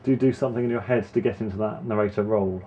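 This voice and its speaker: Fast-talking male interviewer, dull audio. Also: lowish voice, fairly even intonation. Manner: quick, direct questioning. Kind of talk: brief interview questions. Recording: dull lo-fi sound with faint noise.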